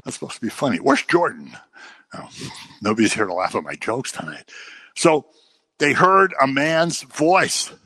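Bright, jokey male preacher. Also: lowish voice, husky, no room sound. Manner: jokey, animated preaching with acted-out quotes. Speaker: pastor. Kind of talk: sermon.

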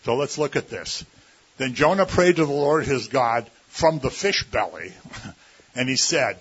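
A man's voice: medium pitch, animated, moderate pace, a bit bright, breathy edge. A man preaching a sermon in a conversational, folksy way, often slipping into mimicked voices. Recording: dull lo-fi recording.

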